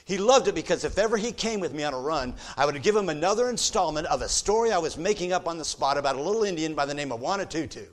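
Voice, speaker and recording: A middle-aged man preaching a sermon, telling a personal story and swinging from hushed, soft passages to loud, forceful exhortation. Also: on the high side, lively intonation, fast talker, hardly any pauses. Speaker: pastor.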